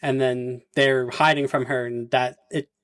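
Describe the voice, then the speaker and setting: Male podcast co-host, chatty scene-by-scene film recap with quoted lines, medium pitch. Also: level tone, unhurried, a bit bright, clean tone. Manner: retells scenes acting out the characters' lines. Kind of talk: casual movie recap chat.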